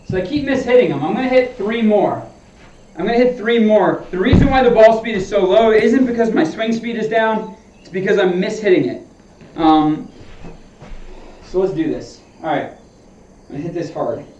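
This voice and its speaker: High-voiced man in a roomy simulator room. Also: lively intonation, normal speed, a little mellow, slight background noise. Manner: explains his swing feel to chat, talking to himself between shots. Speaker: golf streamer. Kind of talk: casual live-stream chat while practicing. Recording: roomy dull sound, mic at a distance.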